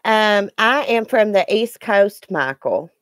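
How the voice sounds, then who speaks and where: A woman's voice: medium pitch, expressive, slow, no room sound, clean studio sound. A middle-aged woman from Southwest Virginia with a Southern Appalachian accent, chatting folksily with her live viewers and calling them by name. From Southwest Virginia, grew up partly in Eastern Kentucky. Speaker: livestream host. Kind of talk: casual chat with live viewers.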